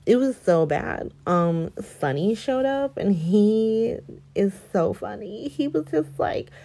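A woman recapping soap opera episodes in a gossipy, animated chat, acting out the characters' lines. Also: medium pitch, slow, gravelly. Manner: gossipy, animated, quotes characters in mock voices, laughs often.

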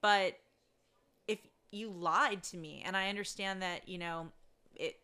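Woman, storyteller, bright and forceful voice, frequent laughter, casual swearing, acts out dialogue. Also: medium pitch, steady tone, unhurried, clean tone. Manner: laughs often while telling, swears casually; acts out quoted speech.

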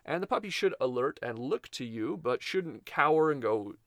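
A man co-hosting a casual talk as a veterinarian, giving relaxed, explanatory advice. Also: mid-range voice, moderate pace, background noise. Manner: explanatory, relaxed, laughs easily. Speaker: veterinarian co-host.

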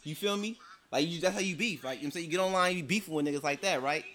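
Bright-voiced man joking around. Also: fairly high pitch, rapid-fire. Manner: joking, animated, slangy, laughs often. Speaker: podcast host. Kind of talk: casual chat.

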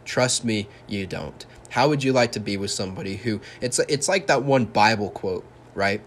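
A man's voice: fairly low pitch, moderate pace, a little hiss or hum. Heated young man ranting on his podcast. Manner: heated, sarcastic ranting with heavy swearing. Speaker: podcast host. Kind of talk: solo podcast monologue.

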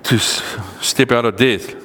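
A man preaching in an earnest, emphatic way, slowing down to read verses aloud and lifting his voice on the points he wants to drive home. His voice has a mid pitch and carries a long, echoing reverb. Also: fairly even intonation, sharp tone, a little hiss or hum. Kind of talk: sermon teaching with scripture reading.

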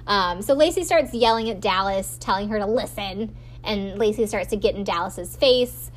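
A woman's voice: mid-range voice, moderate pace, slight background noise. A woman hosting a podcast, chatting casually as she recaps a show, her talk full of "like" and "um" fillers. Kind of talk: casual chat.

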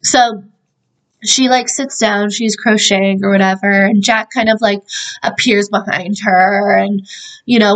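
A woman's voice: medium pitch, fairly even intonation, measured pace, poor audio. A young woman hosting a podcast, recapping a film in a chatty way, full of fillers and laughing asides. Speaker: podcast host. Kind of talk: casual movie recap.

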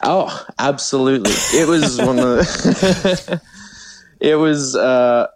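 A young Australian man, a band singer, chatting as a guest in a relaxed, easygoing way. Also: mid-range voice, slow. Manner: relaxed, easygoing, laughs often. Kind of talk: casual interview chat.

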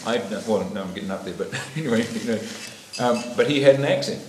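A middle-aged New Zealand man with a lowish, expressive voice talks fast as he gives a personal testimony of his life story over a meal. He rambles and laughs often, with many fillers and restarts, in an echoey dining room where dishes clink and loud clatter fills the recording.

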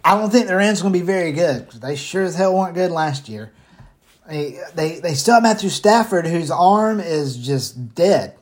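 A man's voice: a little high, expressive, normal speed. Man, football picks host, casual rambling talk, short of breath, swears now and then. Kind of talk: casual sports betting talk.

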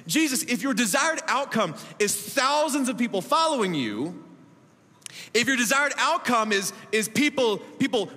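A man in his thirties preaching a sermon as pastor, emphatic, with laughing asides and big swings between loud and soft. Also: extremely high pitch, sing-song, moderate pace. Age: 30s. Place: church auditorium. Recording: echoey hall reverb.

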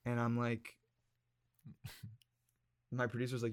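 A young man in casual podcast chat, telling a story in an animated, laughing way with plenty of swearing. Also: mid-range voice, fairly quick. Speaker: podcast guest.

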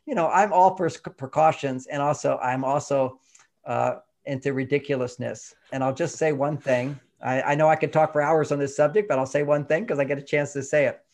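Gravelly, emphatic man from Texas. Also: on the high side, a little fast. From Texas, USA. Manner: emphatic, animated, laughs mid-sentence. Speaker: author guest. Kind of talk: conversational interview.

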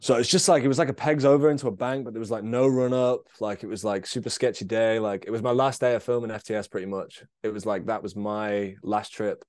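A man's voice: fairly low pitch, fairly even intonation, fast, few pauses, darkish tone, dry recording, studio quality. A young man in casual chat, telling a long injury story with lots of fillers and swearing. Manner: rambling storyteller, swears a lot, many fillers. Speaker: guest, BMX rider.

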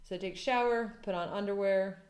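Woman, 30s, casual host; lively, dramatic storyteller; roomy echo. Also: medium pitch, brisk. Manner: animated, dramatic retelling with lots of "like". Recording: echoey room.

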